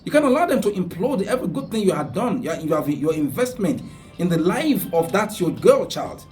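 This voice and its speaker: A man's voice: sits high, big pitch swings, brisk, darkish tone, far from the mic, faint music behind. A man hosting a radio talk show and giving earnest religious advice, repeating his points for emphasis. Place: radio studio.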